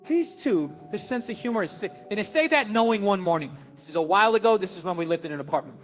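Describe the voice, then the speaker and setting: A man's voice: high-pitched, quick pace, faint music behind. A man telling a profane stand-up story about his kids, acting out the people in it. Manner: profane, animated storytelling with acted quotes. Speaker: stand-up comedian.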